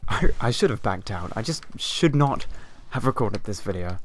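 A man giving chatty, excitable gameplay commentary at home, leaning toward a mic set below him. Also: on the low side, normal speed, a little hiss or hum. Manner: excitable, chatty, exclaims at the game. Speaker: gaming video creator. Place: home room with TV and a hot light. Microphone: mic placed below him, leans in.

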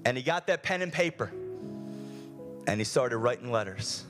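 A man's voice: medium pitch, animated, moderate pace, music in the background. A male pastor preaching a sermon in a church, earnest and repetitive, often restarting his phrases. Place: church sanctuary.

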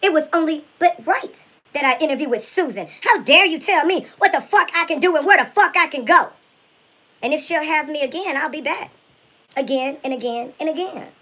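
A woman doing a shrill foul-mouthed vlogger diva. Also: lively intonation, a little fast, pushed and bright, low-quality recording. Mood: furious. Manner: profane, insult-hurling trash talk. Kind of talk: comedic spoof rant.

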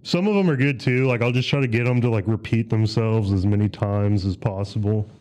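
Low mellow-voiced man chatting casually. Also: brisk. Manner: laid-back, swears a lot, rambling with many fillers. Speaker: podcast host. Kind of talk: casual chat.

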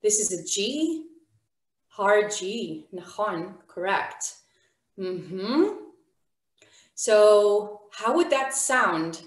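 A woman's voice: medium pitch, lively intonation, very slow, pauses often, reverberant. A woman teaching an online beginner Hebrew class, encouraging and calling on students by name.

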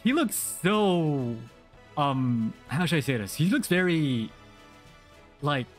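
A man's voice: a little high, big pitch swings, slow pace. A young man streaming a game, drawling dry self-amused remarks. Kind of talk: casual gaming stream chat. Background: game music.

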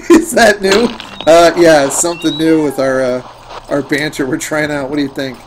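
A man's voice: a little high, moderate pace, noisy background. A man streaming a game, chatting casually with sarcastic, playful banter and free swearing while he plays. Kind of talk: casual gameplay chat. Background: game music.

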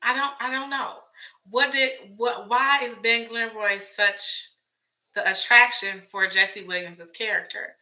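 A woman's voice: on the high side, fairly even intonation, measured pace, sharp tone, poor audio. A woman chatting casually as a fan commentator, wondering aloud with lots of questions, her voice a bit strained. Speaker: show commentator.

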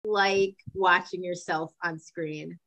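A woman's voice: on the low side, fairly even intonation, takes it slowly, loud music behind the voice, low-quality recording. A woman hosting an interview, asking questions casually and reacting with enthusiasm. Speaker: interviewer, host.

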